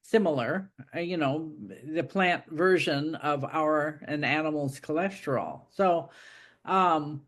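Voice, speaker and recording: A woman's voice: low-pitched, slow. A woman who hosts the show and writes books, talking casually and thinking aloud with many restarts. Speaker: host and author. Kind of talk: casual conversation.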